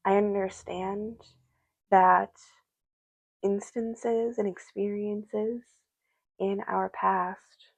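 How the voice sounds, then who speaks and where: Woman tarot reader, unhurried, gravelly voice, musing aloud, dry close sound, dull lo-fi recording. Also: mid-range voice, a little mellow, no room sound. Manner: muses aloud, addresses the spirits and viewers directly. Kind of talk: casual spoken tarot reading.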